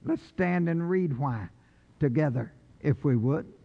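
A man preaching a sermon in a church, folksy and slowing down to stress his points. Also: fairly high pitch, lively intonation, creaky. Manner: folksy, slows down for emphasis. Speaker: pastor. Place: church sanctuary. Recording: dull reverberant church recording.

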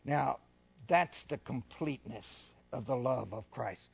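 Fervent, gravelly preaching man. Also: mid-range voice. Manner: fervent preaching, slows and swells louder when reading scripture; asks the congregation questions, repeats phrases. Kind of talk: sermon.

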